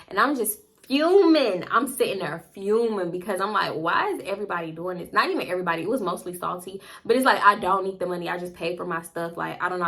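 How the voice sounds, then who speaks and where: A woman telling a storytime vlog, animated and profane, acting out every voice herself. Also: mid-range voice. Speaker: storytime vlogger.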